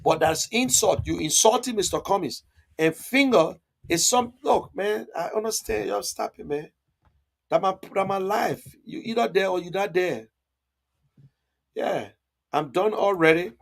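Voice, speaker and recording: Responding to viewers' comments on his political live stream, this man argues forcefully and hammers his points through repetition. He speaks at a measured pace in a creaky voice that sits fairly high for a man.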